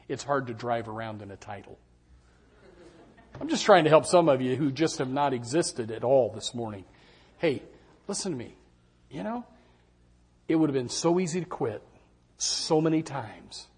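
A middle-aged man preaching a sermon as pastor to a congregation, swinging from soft asides to loud exclamations. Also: medium pitch, slightly rough. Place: church sanctuary.

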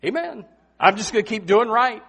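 A man preaching a sermon in a folksy, animated way, swinging between loud and soft and saying amen often. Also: moderate pace, gravelly, husky. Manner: folksy, animated preaching with big swings in pitch and loudness, frequent amens.

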